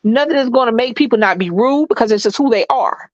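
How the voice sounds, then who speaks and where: A woman's voice: a little high, fast, no room sound, muffled recording. Blunt Southern woman co-hosting a stream. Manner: blunt, emphatic, repeats phrases. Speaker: co-host. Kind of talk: casual live-stream chat.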